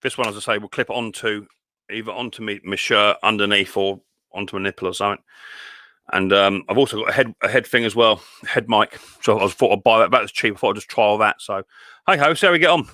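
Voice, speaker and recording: A man's voice: on the low side, fairly even intonation, fast, sharp tone, dry recording, studio quality. A middle-aged man, hosting a casual livestream and chatting to viewers in a rambling way full of fillers and restarts. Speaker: livestream host and mower repairer.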